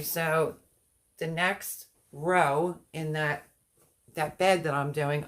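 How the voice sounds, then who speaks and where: A woman's voice: deep voice, fairly bright tone. A woman hosting a gardening live stream. She chats casually and rambles, showing seed packets and answering viewer comments as she goes. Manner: reads viewer comments aloud and answers them. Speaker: gardening channel host.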